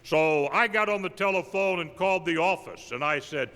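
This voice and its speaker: An older man, an evangelist, tells humorous personal stories at a tribute, delivering his punchlines deadpan. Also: on the high side, moderate pace. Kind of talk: folksy storytelling tribute. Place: large camp meeting hall. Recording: live in a big reverberant hall.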